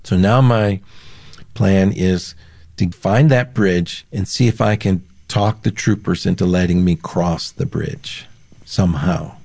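A man slowly recounting a personal story in an unhurried storytelling manner, with pauses. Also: deep voice, vocal fry, a little mellow. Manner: slow, unhurried retelling with pauses.

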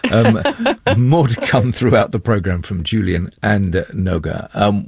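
A man hosting a radio interview programme, measured and steady, with frequent small fillers. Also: on the low side, vocal fry, breathy edge, no room sound, studio quality.

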